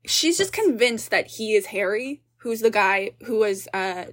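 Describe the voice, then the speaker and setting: A young woman co-hosting a casual film review chat, animated and exasperated, swearing casually as she picks apart the plot. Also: medium pitch, unhurried. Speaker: podcast co-host.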